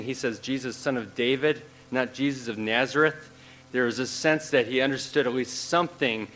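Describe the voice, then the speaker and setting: A man's voice: medium pitch, a bit bright, a little hiss or hum, poor audio. A man preaching a sermon in a conversational way, using many fillers and repeating phrases. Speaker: pastor.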